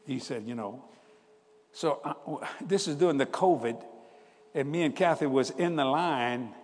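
A husky-voiced preacher in his seventies tells family stories from the pulpit, folksy and conversational, often breaking into laughter. His voice rings out in a hall with a long, trailing reverb. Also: mid-range voice. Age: 70s. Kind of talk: storytelling sermon.

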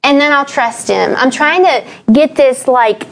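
Woman co-host with a slightly high voice, reflective and searching for words. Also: unhurried, a bit bright, rough recording. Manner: thinking aloud, searching for words. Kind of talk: casual faith discussion.

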